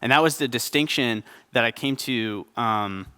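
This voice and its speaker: A man's voice: mid-range voice, normal speed, bright, forceful tone, clean tone, long reverb tail. A young adult man preaching a conversational sermon at a church service, joking and asking the congregation questions. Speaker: pastor.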